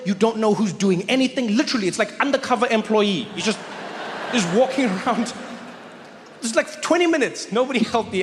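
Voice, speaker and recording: A man performing a stand-up routine on a large stage, telling stories in an animated way and stumbling over restarts. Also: high voice, in a large hall, a little hiss or hum. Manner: animated storytelling, stammers on restarts. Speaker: stand-up comedian.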